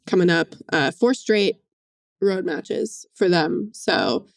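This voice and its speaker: A woman sports reporter co-hosting a podcast, talking casually in a halting way with many "um"s. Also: lowish voice, expressive, gravelly, no room sound, studio quality. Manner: halting, many "um"s, uneven pace.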